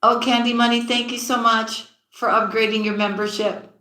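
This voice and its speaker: Reading tarot live, a woman casually greets viewers by name, calling them sweetheart and sis, and her voice often sinks low and quiet mid-sentence. She speaks at a normal speed with little pitch movement, and the sound is roomy.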